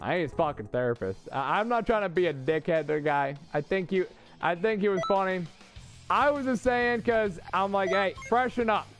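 A man loudly trash-talking and swearing while commenting on his online match, often breaking into shouts. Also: high voice, animated, brisk. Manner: loud, brash, swearing, swings into shouting. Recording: loud game music under voice. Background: loud game music.

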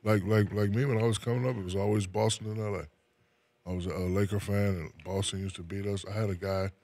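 A man in his forties from New Jersey talks with a very deep, low voice in a loose, unhurried interview chat. He often restarts his sentences, repeating his first words before going on. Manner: relaxed, repeats his words when starting. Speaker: guest.

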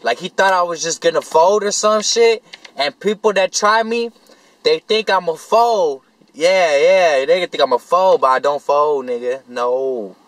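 A man's voice: on the high side, a little slow, a bit bright, no room sound, rough recording. A young man vlogging, telling a rambling story to camera in profane street slang.

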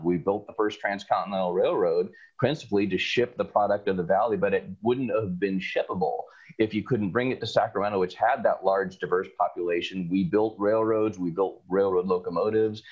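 With a slightly rough voice on the low side, this man gives long, professorial answers laced with sarcasm, pausing thoughtfully as he goes. He's a local history guest in a chatty interview, captured on lo-fi audio.

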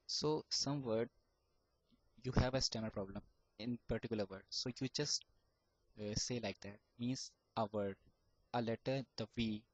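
A man with an Indian English accent giving earnest, repetitive advice on overcoming stammering, sounding out words slowly. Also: medium pitch, slightly rough, dry recording, muffled recording. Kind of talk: casual advice talk to camera.

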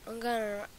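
A woman's voice: fairly high pitch, bright, forceful tone, breathy edge. A woman talking over her gameplay in a rambling way, often dropping into whispers. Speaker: gaming channel host. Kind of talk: gameplay commentary.

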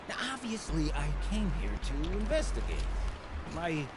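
Flowery, rambling explorer in a game. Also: male voice, on the high side, a little slow, heavy background noise. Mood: wry. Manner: flowery, self-deprecating, animated storytelling. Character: eccentric curious male explorer, rambling and genteel.

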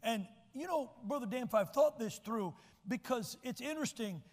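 A man's voice: extremely high pitch, animated, moderate pace, darkish tone. A man preaching a sermon as pastor, folksy and emphatic, often repeating words as he restarts. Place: church sanctuary. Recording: church hall reverb.

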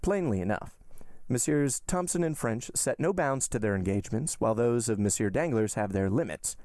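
A man voicing a suave, ironic wealthy count in an audiobook reading, smooth and politely mocking. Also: medium pitch, lively intonation, moderate pace, a little mellow, dry recording, clean studio sound, natural voice. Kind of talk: audiobook character voice.

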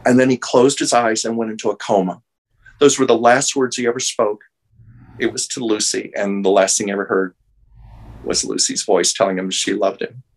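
A man's voice: on the low side, steady tone, moderate pace, low-quality recording. A man, an artist and medium, telling an emotional story earnestly as an interview guest over a video call.

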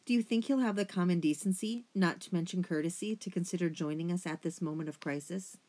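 Woman reading as a stuffy old patriarch mouse, lecturing, self-important, storybook voice, a little low. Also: moderate pace, a little mellow, lightly acted. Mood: reproachful. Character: pompous elderly male mouse patriarch. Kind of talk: audiobook character reading.

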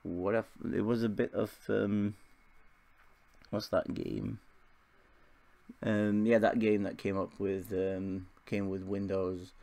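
A man's voice: lowish voice, flat delivery, takes it slowly, vocal fry, pauses often, warm tone. A young man casually commentating his football management game, rambling and joking at his own expense. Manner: rambling, self-deprecating, chuckling asides. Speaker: gaming video host.

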